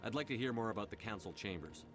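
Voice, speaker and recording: A man voicing a male hero commander in a game, asking brisk, direct questions, with music clearly heard behind. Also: fairly low pitch, expressive, natural voice. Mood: curious. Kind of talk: scripted game voice acting.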